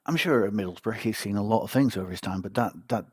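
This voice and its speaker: A man's voice: fairly low pitch, quick pace, slightly rough, no room sound. A man hosting a podcast, telling a personal story in a casual, wry, self-mocking way. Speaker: podcast host.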